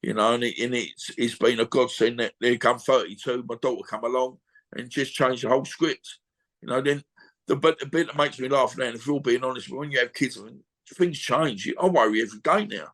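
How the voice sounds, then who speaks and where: A man's voice: mid-range voice, a little fast, a bit bright. A man, talking bluntly and at length in an interview over a video call, swearing freely and circling back with "you know what I mean". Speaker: boxer interviewee. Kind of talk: emotional casual interview.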